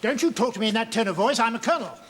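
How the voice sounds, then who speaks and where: A pompous British colonel. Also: male voice, very high-pitched, lively intonation, rapid-fire, a bit bright. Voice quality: pompous, dithering officer. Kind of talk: 1970s TV sitcom acting. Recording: noisy old TV soundtrack.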